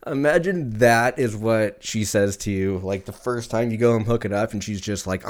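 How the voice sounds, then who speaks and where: A man's voice: on the low side, moderate pace. A man hosting his own podcast, chatting casually in a rambling, profane way and laughing often as he goes. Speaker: podcast host. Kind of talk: casual solo podcast rant. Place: lives in Texas.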